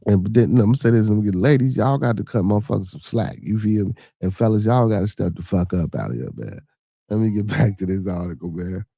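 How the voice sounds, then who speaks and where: Male podcast host, low dark voice, dry close sound, loose profane livestream commentary. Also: no echo. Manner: profane, repeats 'you know what I'm saying'; reads viewer comments and news aloud.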